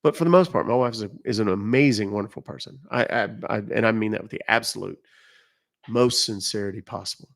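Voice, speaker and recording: A man's voice: fairly low pitch, fast, creaky. A middle-aged man chatting casually on a live stream, rambling and joking as he reacts to viewer comments. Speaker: live streamer reading chat.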